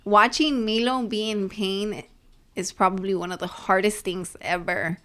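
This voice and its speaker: A woman's voice: mid-range voice, steady tone, unhurried, bright, forceful tone. A young woman co-hosting a podcast, chatting candidly and mixing in Spanish phrases. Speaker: podcast co-host. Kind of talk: casual chat.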